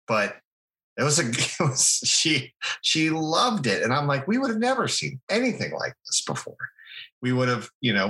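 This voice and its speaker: A man co-hosting a podcast, telling stories about his young daughter in animated, casual chat. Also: mid-range voice, rough recording. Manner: storytelling, animated. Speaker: podcast co-host.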